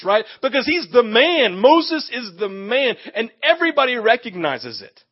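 Male pastor with a high-pitched voice, lively preaching, slightly dull lo-fi recording. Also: normal speed. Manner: animated, acts out quoted voices, asks the audience questions. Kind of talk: sermon.

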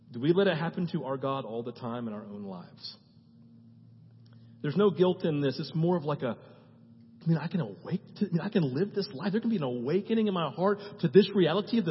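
A man preaching a sermon as pastor, swinging from hushed tones to loud, fervent prayer and often asking the audience "right?". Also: fairly high pitch, lively intonation, fairly quick, pauses often, husky. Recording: dull, echoey church hall.

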